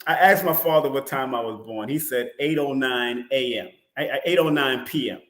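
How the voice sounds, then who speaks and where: A man's voice: medium pitch, moderate pace, fairly bright tone. Chatty man in an echoey room. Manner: chatty, laughs often, repeats phrases. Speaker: numerology host. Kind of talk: live-stream Q and A.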